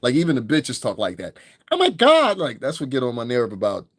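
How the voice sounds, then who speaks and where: A man runs a loose, rambling commentary on his podcast. He speaks bluntly and swears freely, in a mid-pitched voice. The sound is close and dry, with no room around it. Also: animated, fast, no echo. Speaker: podcast host. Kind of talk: casual commentary monologue.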